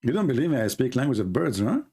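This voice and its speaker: Sarcastic man with a lively pitch. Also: breathy edge. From Middle East. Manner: sarcastic, teasing, drawn-out exclamations. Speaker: live stream host. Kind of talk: mocking live-stream monologue.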